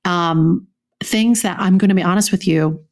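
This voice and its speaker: A woman's voice: lowish voice, moderate pace, darkish tone. A woman co-hosting a podcast, talking in an earnest, reflective way and often restarting her sentences. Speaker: podcast co-host. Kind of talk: casual podcast conversation.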